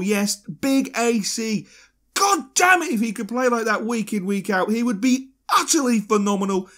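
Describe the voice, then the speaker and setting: A man giving football game commentary as a gaming video host, swinging from loud rants to low mutters. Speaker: gaming YouTuber.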